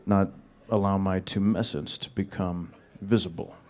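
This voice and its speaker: A man with a flat, monotone, deadpan delivery, answering audience questions on a panel. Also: deep voice, unhurried.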